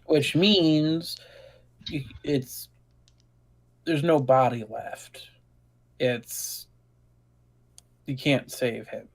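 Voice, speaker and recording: Slow, halting man at a role-play table. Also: mid-range voice. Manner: halting, hesitant. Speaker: player.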